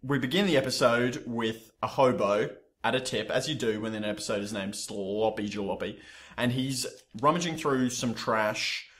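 A man co-hosting a casual podcast recap. He talks in dry, teasing banter at a middle pitch. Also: moderate pace, fairly bright tone. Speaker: podcast co-host.

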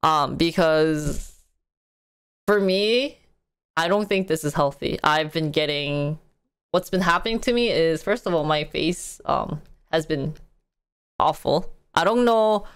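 A young woman with a Korean accent, a content creator chatting casually on a podcast, animated and laughing often. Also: low-pitched, takes it slowly, clear, resonant tone. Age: young adult.

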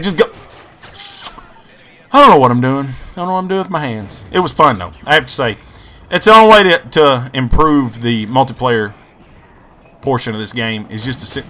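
A man hosting his gaming channel, giving excitable, profane, rambling commentary over his own gameplay. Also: a little high.

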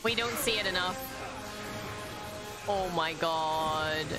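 A young woman streamer reacting casually to an episode, excitable, gasping and swearing, with its soundtrack playing behind her. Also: lowish voice, slow, music in the background.

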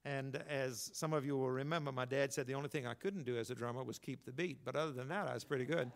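An older man preaching a sermon as pastor, telling folksy stories and swinging between emphatic lines and quiet asides. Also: fast, creaky. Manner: folksy storytelling, rising to emphatic then dropping low.

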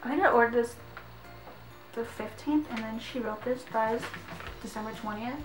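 A woman's voice: a little high, normal speed, far from the mic. Giggly young woman, echoey room. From Canada. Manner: excitable and giggly, heavy use of "like". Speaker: vlogger. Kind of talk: casual unboxing vlog. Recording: echoey room, voice off-mic, faint music.

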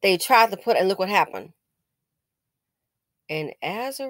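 Animated, scolding woman commentator. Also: mid-range voice, unhurried, pauses often, no room sound, clean studio sound. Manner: indignant, scolding, with sarcastic exclamations. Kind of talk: casual news commentary.

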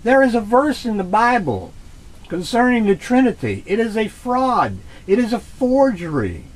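Man, high voice, very lively pitch, emphatic and lecturing, faint hiss behind. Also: moderate pace, rough recording. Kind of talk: heated religious discussion.

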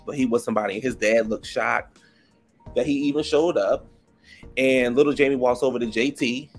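A man with a DMV accent chats through a reality TV recap, animated and gossipy. He laughs often and jumps high in pitch when he mimics the cast, over a mid-range everyday voice. Faint music plays underneath. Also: moderate pace. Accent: DMV (Washington DC area). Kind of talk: casual chatty episode review.

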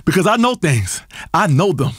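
An actor playing an erratic, self-important male radio health guru who rambles and swings between crooning and shouting. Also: a little high, big pitch swings, moderate pace, husky, no echo, clean studio sound. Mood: aggressive. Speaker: radio health show host. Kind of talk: comedic radio talk show performance.

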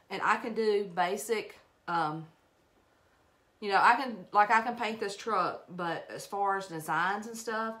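A middle-aged woman from Alabama with a thick Southern accent talks through a craft project. She rambles in a casual, friendly way, greets her viewers and pokes fun at her own messiness. Her pitch sits right in the middle for a woman. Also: a bit bright. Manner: chatty and rambling, greets viewers, laughs at herself. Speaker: craft live-stream host. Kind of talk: casual live-stream crafting demo.

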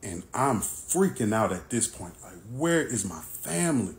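A man narrating a personal story in storytime style, animated and acting out the dialogue. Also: lowish voice, unhurried.

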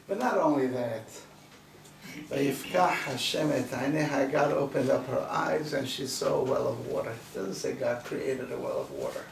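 A man's voice: medium pitch, very animated, normal speed, gravelly. A man, a rabbi, giving a sermon, emphatic and repeating rhetorical questions. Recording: roomy distant recording, faint noise.

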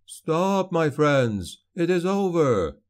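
A man's voice: a little high, expressive, measured pace, pitched above the performer's own voice. A man voicing a fierce young male rebel leader in an audiobook, speaking with impassioned force. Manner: shouting, impassioned.

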